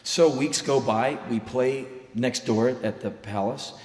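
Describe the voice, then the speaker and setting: A man's voice: medium pitch, takes it slowly, a little mellow. An American man in his thirties, telling a story on a live stage in an intense, blunt, emphatic way. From United States. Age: 30s. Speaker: spoken word performer. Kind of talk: live spoken word storytelling. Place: live stage in a concert venue. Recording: echoey live hall recording.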